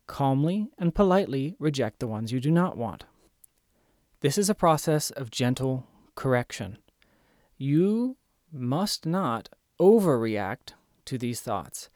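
A man's voice: mid-range voice, expressive, measured pace, a little mellow, dry recording, studio quality. A man giving earnest, emphatic self-help instruction in a coaching tone. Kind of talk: motivational instruction.

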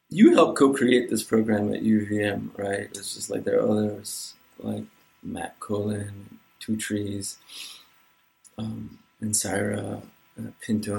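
A doctoral student in a reflective group conversation, thinking aloud in a searching way with many fillers. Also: male voice, lowish voice, vocal fry, a little mellow, rough recording.

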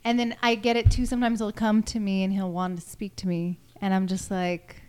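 A woman chatting casually as a podcast guest, animated and acting out quoted dialogue. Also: medium pitch, brisk, smooth. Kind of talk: casual group chat.

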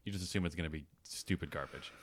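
A man's voice: very deep voice, fast. A man co-hosting a podcast, chatting casually in a rambling, joking way. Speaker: podcast co-host. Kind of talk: casual chat.

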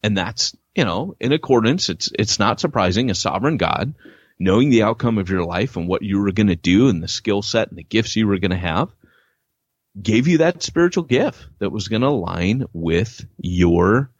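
A husky, fairly low-voiced man talks casually on a podcast, his pitch swinging widely as he tells animated stories and acts out what people said. The sound is dry and a little dull, like a lo-fi podcast recording. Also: moderate pace, dry recording. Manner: animated storyteller, acts out quotes with big pitch jumps. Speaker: podcast co-host, church planting author.

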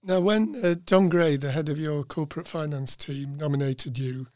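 A man's voice: fairly high pitch, fairly even intonation, normal speed, darkish tone, no echo, studio quality. A man hosting an interview, asking questions with light teasing and some hesitation. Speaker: interviewer, host.

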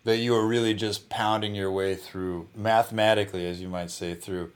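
In a relaxed interview, a guitarist with a lowish voice talks through how he practices at a moderate pace. His phrasing is loose, full of restarts and plenty of "you know"s.

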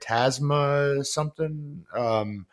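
A man's voice: medium pitch, slow pace. A young man hosting a podcast in casual chat, telling stories in profane slang, laughing and acting out other people's voices. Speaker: podcast host. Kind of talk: casual chat, animated storytelling.

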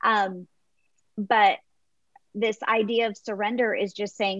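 A woman guest on a faith interview, telling an illustration with lively voices for the crowd. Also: mid-range voice, slow, pauses often, no echo, highs cut off. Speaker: guest author.

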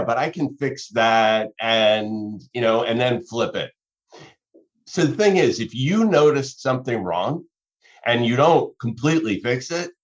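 Man giving lively advice, lo-fi. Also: mid-range voice. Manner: animated, explanatory, talks through examples with self-corrections. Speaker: business advisor. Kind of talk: conversational advice talk. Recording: dull lo-fi sound.

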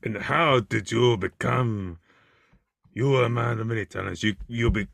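A man's voice: medium pitch, moderate pace, vocal fry, a bit bright, no echo, clean studio sound. A man hosting a podcast, asking playful, jokey questions. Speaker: podcast host. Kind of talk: casual interview chat.

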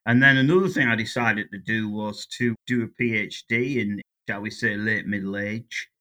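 Bright-voiced English man in his sixties. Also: lowish voice, fairly even intonation, moderate pace. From England. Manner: chatty, anecdotal storyteller. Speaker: guest economist. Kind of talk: casual interview chat.

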